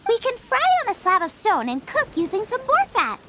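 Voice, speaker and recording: A woman voicing a cheerful young female chef in a video game, bubbly and excitable about food. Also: extremely high pitch, brisk, slight background noise, heavily acted. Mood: explaining. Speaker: game character. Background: game music.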